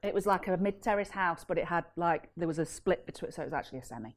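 A woman tells a story in a casual panel chat, animated and laughing as she acts out the people in it. Her voice sits fairly low for a woman. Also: fast talker. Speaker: property deal packager.

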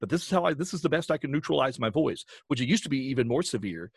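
Animated Appalachian man telling stories. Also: mid-range voice, fast talker, gravelly, husky, no echo, studio quality. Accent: Southern Appalachian. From western North Carolina. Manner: animated storyteller who acts out voices. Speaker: voice actor and podcast guest. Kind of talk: casual chat.

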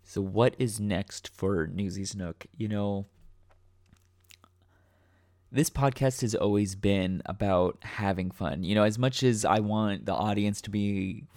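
Low-voiced man rambling on his podcast. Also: takes it slowly, darkish tone, dry recording, studio quality. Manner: rambling, off the cuff, many fillers and restarts. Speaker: podcast host. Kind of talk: casual solo podcast talk. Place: home room.

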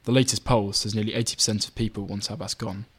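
A man reading his own magazine article aloud in measured, even scripted narration. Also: on the low side, slightly rough.

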